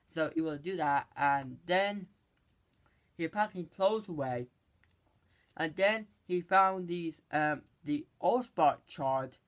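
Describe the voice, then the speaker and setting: A movie reviewer casually recapping a film, rambling and halting, with many restarts and exasperated asides. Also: medium pitch.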